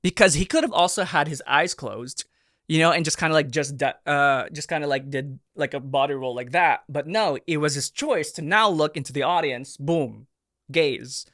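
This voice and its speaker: A man in his thirties hosting a reaction video, giving casual and animated commentary with excited exclamations. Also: fairly high pitch, moderate pace, no echo, clean studio sound. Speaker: reaction video host, performer.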